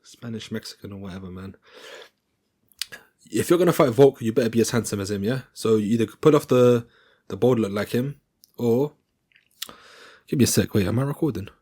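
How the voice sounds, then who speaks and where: A young man recaps a fight in a loose, jokey, rambling way, full of slang. His voice is husky and sits a little low. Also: fairly quick, long pauses, mellow. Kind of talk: casual fight commentary.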